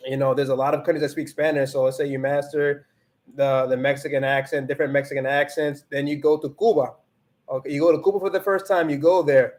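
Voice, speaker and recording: A man's voice: a little high, level tone, quick pace, a little mellow. A man hosting a casual livestream, chatting loosely with many restarts, switching between English and Spanish as he reads the chat and laughs often. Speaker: livestream host.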